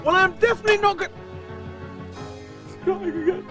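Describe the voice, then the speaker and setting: A man's voice: extremely high pitch, wildly swooping pitch, moderate pace, a bit bright, soft background music. A man hosting a comic children's puppet show, fussing and exasperated as he keeps giving in.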